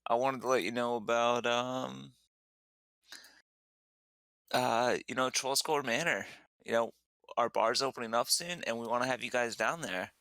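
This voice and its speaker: A man's voice: medium pitch, measured pace, long pauses, fairly bright tone, clear, resonant tone, no echo. Man voicing a salesy tavern owner, breezy, tabletop game, dry sound. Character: brash male tavern owner hyping his bar.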